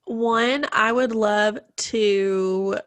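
A woman's voice: medium pitch, steady tone, extremely slow, no echo. A woman, congested from allergies, co-hosting a casual podcast in a chatty, bubbly way. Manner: chatty, bubbly, says "like" often. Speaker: podcast co-host.

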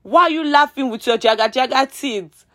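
Heated Nigerian woman ranting. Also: moderate pace. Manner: heated, exasperated ranting with sarcastic jabs and repeated pleas; swings between loud outbursts and low mutters. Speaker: vlogger. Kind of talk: rant vlog.

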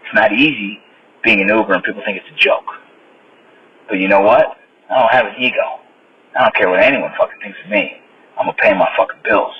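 A man's voice: fairly low pitch, a little fast, pauses often. A man hosting his own podcast, giving a blunt, frustrated motivational rant full of swearing. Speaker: podcast host. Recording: slightly dull sound with faint noise.

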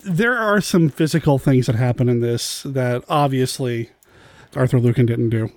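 A man co-hosting a podcast, speaking in a measured way about a film and addressing listeners directly. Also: mid-range voice, darkish tone, no room sound. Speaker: podcast co-host. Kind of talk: casual film discussion.

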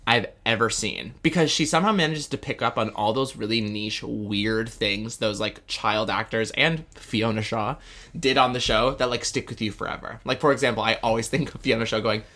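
A man's voice: fairly low pitch, fairly even intonation, normal speed, bright, forceful tone. Catty, theatrical man co-host. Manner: catty, theatrical, swears, mimics people. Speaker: podcast co-host. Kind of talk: casual pop-culture chat.

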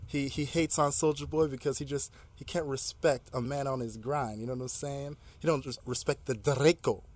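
A man hosting a casual podcast, loud and playful as he trash-talks his guest. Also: mid-range voice, steady tone, moderate pace. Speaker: podcast host.

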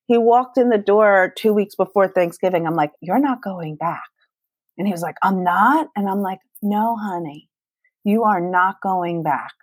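An earnest woman in her forties talks about love and family as a guest in an interview. Her voice sits at an ordinary middle pitch, and the recording is close and dry, with no room sound around it. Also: no room sound. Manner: earnest and emphatic, quoting herself in dialogue. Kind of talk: conversational podcast interview.

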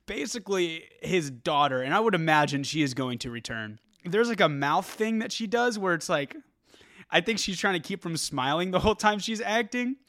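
A man co-hosting a casual movie review chat, animated and profane, often laughing. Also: high voice, normal speed, no room sound, studio quality. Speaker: movie review podcast co-host.

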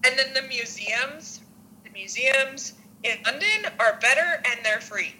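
Brief: woman student, very bright sharp tone, higher voice, faint ambience. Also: lively intonation, a little slow, slight background noise, poor audio. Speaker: student traveler. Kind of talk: casual interview advice.

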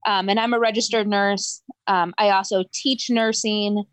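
A woman's voice: mid-range voice, fairly even intonation, moderate pace, dry recording. Female co-host and nurse from Wisconsin, mid voice, dry close recording. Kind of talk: casual interview chat.

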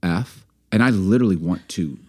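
A man in his thirties chatting casually as co-host. His pitch moves a lot as he jokes, laughs and puts on silly accents. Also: big pitch swings, a little fast, husky. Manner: playful, laughing, doing goofy accents. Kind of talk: casual chat.

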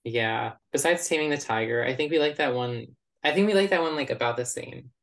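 A man's voice: medium pitch, a little fast, a bit bright. A man co-hosting a podcast, chatting casually in an eager, self-deprecating way. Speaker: podcast co-host. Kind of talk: casual chat.

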